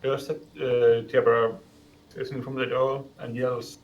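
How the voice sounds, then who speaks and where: A man's voice: mid-range voice, level tone, measured pace, muffled recording. A man playing a tabletop game, hesitantly narrating what his character does. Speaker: player. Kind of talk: tabletop play.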